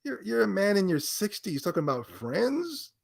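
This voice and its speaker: A man's voice: high voice, wildly swooping pitch, moderate pace, gravelly. Man, gaming commentator, indignant rant, sarcastic, mocking. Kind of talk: ranting commentary.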